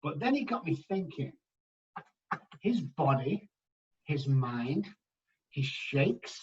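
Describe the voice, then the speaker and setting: A man speaking as a guest on a podcast interview, telling emphatic, animated anecdotes about how words shape the mind. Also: a little high, slow, a little hiss or hum. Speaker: guest addiction specialist. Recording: slightly dull, distant mic.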